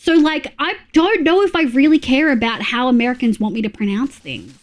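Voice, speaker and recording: A young woman from Australia chatting casually on a gaming livestream, swearing often and reacting loudly to scares. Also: high-pitched, expressive, a little fast. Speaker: streamer.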